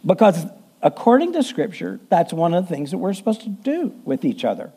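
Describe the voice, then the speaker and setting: Middle-aged male pastor, warm mellow tone, humorous storytelling sermon. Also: high voice, wildly swooping pitch, a little fast, breathy edge. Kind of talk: conversational sermon. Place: church.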